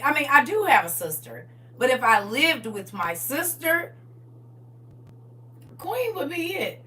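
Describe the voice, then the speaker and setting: A woman hosting a livestream in casual chat, laughing often, repeating "listen," and moving into gentle spiritual advice. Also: a little high, big pitch swings, unhurried. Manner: laughs often, repeats "listen" and "I'm trying to tell you". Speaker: livestream host. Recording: distant mic with faint hum.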